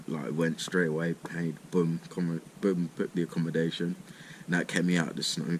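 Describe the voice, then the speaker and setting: A man's voice: deep voice, slight background noise. A young man telling a rambling, casual story full of swearing and "mate". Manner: rambling, swears a lot, says "mate" and "literally" often.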